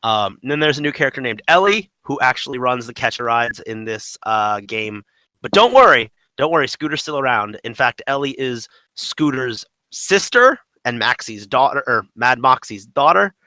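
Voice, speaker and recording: A man co-hosting a casual gaming podcast, talking in a loose, rambling way with lots of "like" and "um". His voice is bright and forward, with a dry, close sound and no room in it. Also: medium pitch, lively intonation, normal speed, hardly any pauses, dry recording, poor audio. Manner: rambling, full of "like" and "um". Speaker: podcast co-host.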